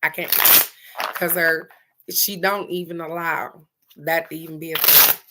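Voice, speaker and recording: A woman's voice: low voice, little pitch movement, measured pace, heavy background noise. A woman doing a casual live-stream card reading, chatty and affectionate, laughing often and calling out to viewers by name.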